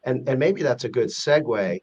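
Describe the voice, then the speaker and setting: A man's voice: mid-range voice, animated, a little mellow, slightly rough. Earnest man on dull lo-fi audio. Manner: earnest, measured, explaining step by step with frequent restarts. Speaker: guest, president of an advocacy group. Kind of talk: podcast interview.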